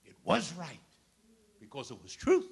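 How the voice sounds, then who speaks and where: An older man, a grandfather, preaching a sermon with dramatic storytelling that swings from loud outbursts to hushed asides. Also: fairly high pitch, wildly swooping pitch, measured pace, gravelly, husky. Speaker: pastor.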